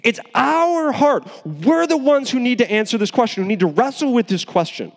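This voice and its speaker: A man preaching a sermon in an animated, conversational way, with asides and restarts. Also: very high-pitched, normal speed, vocal fry, long reverb tail. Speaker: pastor.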